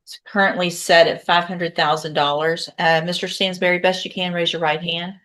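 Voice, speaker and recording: A woman judge running a court hearing in a brisk, procedural way. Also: on the low side, flat delivery, a bit bright. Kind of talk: presiding over a court hearing.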